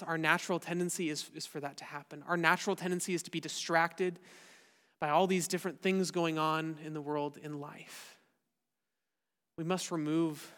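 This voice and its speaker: A pastor preaching a sermon to his church, earnest and often dropping softly at the end of a point. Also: a little high, long reverb tail. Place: church sanctuary.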